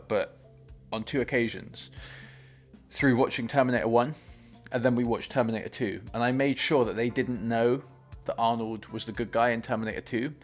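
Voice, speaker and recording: Male reactor, mid-pitched, gushing and hyped, faint film music underneath. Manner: excitable, gushing enthusiasm. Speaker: movie reaction host. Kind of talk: excited film reaction commentary.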